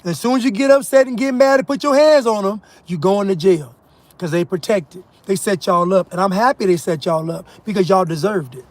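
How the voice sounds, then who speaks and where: A man's voice: sits high, brisk, a little mellow, dry recording. A man delivering an emphatic, mocking monologue rant as a commentator, laughing at his own points. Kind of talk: ranting monologue.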